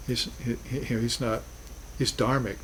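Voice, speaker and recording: Man, spiritual teacher, class lecture, middle pitch, earnest with emphatic bursts, faint hiss behind. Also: level tone, a little slow, fairly bright tone, poor audio.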